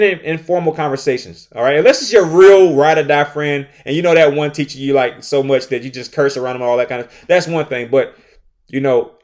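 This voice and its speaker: A man's voice: fairly high pitch, a little mellow. A man with a slightly raised voice talks through his classroom advice on a podcast. He hammers points home by repeating them and keeps asking "all right?" to keep the listener with him. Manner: acts out his own classroom lines. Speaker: teacher hosting a podcast.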